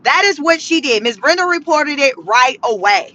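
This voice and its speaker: A woman chatting about the news in a high voice, slangy and animated as she turns the story into a performance. Her tone is bright and cutting, and she keeps calling out to her viewers. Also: moderate pace, slight background noise, poor audio. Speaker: commentary vlogger. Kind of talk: casual commentary on news gossip.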